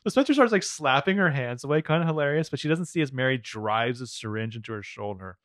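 An American man co-hosting a podcast, chatting casually, swearing often and narrating scenes with quick laughs. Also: mid-range voice, lively intonation, fairly bright tone, no echo, studio quality. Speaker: podcast co-host. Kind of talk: casual recap chat.

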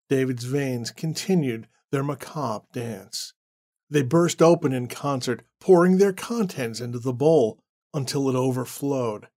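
A man narrating a horror story in a measured, dramatic way. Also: mid-range voice, darkish tone.

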